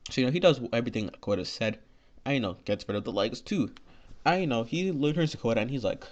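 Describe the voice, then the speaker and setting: A man with an animated, fast, mid-range voice improvises a fan story aloud, rambling and plugging gaps with "you know" and "like." The recording is dull and lo-fi.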